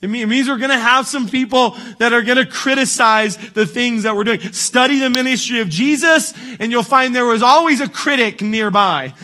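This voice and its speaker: A man's voice: very high-pitched, normal speed, hardly any pauses, bright, forceful tone, slight background noise. A man pastor preaching a sermon in a conversational way, often checking in with "right?" and restarting his sentences.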